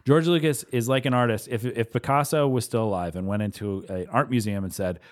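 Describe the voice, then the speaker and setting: A man's voice: medium pitch, brisk. A man co-hosting a casual podcast chat, telling stories in an enthusiastic, rambling way with fillers and restarts. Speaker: podcast co-host. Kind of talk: casual chat about films.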